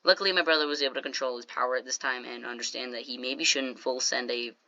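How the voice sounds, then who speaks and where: A YouTuber telling a casual story over gameplay, animated and jokey, with quick asides to the viewers. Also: medium pitch, vocal fry, muffled recording.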